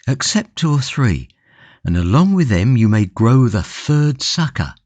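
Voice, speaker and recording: A man voicing a gentle, devoted young woman in an audiobook, in a softly pleading, eager manner. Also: mid-range voice, big pitch swings, unhurried, dry recording, pitched above the performer's own voice. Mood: earnest. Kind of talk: audiobook character reading.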